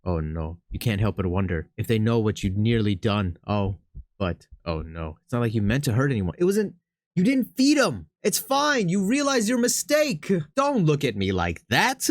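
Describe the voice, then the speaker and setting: A man streaming a text horror game, reading its lines in a low, dramatic hush before leaping up into bright, excited outbursts. His pitch swings widely from line to line. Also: normal speed, dry recording, clean studio sound. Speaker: gaming streamer.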